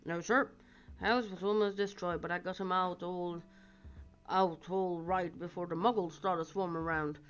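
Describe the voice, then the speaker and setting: A woman reading aloud and voicing a huge, soft-hearted male giant who talks in a halting, stammering way, on a dull lo-fi recording with faint music. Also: fairly low pitch, fairly even intonation, close to an everyday voice. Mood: eager.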